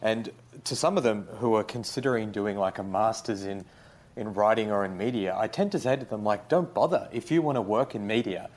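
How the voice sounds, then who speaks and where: Laid-back young aussie guy, kinda low voice, rambles with lots of "you know"s. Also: brisk. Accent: Australian. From Australia. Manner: relaxed, rambling with many fillers. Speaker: guest, writer. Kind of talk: casual interview.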